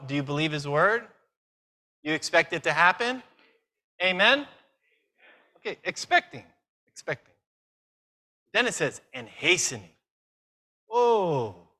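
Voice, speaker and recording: A man preaching a conference sermon, lively and self-mocking, firing questions at the audience. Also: a little high. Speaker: conference speaker.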